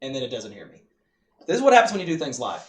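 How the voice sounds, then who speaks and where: A man co-hosting a podcast, chatting casually and driving home his opinions with slow emphasis. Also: mid-range voice, wildly swooping pitch. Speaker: podcast co-host. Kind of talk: casual wrestling chat. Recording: echoey room, distant from mic.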